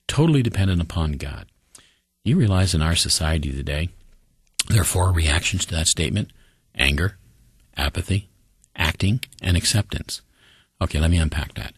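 A man delivers a sermon in a very low, husky voice, leaning on words with slow deliberate pauses before jumping up in pitch for emphasis. The sound is dry and close, with no room around it. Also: no room sound. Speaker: preacher.

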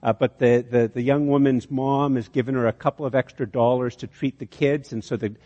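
A man's voice: mid-range voice, fairly even intonation, a little fast, dark tone. A man preaching a sermon, telling a long illustration with many restarts and building to emphatic peaks. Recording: dull sound with long hall reverb.

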